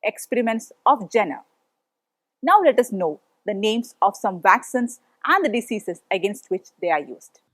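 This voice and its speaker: A woman's voice: medium pitch, expressive, normal speed, a bit bright, no room sound. Indian-accented woman reading a lesson. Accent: Indian English. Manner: reads a prepared lesson, asks the class questions. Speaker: teacher. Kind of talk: read-aloud lesson.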